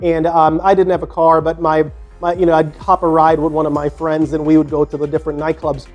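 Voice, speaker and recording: A Jamaican-accented man in his sixties hosts a podcast, reminiscing in a loose, rambling monologue full of restarts and "you know" asides. His voice sits notably high for a man. A faint bed of music plays quietly beneath him. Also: level tone, fairly quick. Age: 60s. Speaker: podcast host. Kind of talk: casual storytelling monologue.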